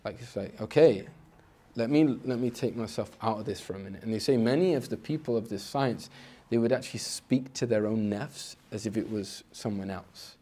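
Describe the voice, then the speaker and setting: Speaking in a warm tone at normal speed, a man delivers an informal, conversational spiritual lecture as an Islamic teacher. He frequently repeats a phrase's opening word and voices inner thoughts with abrupt pitch jumps.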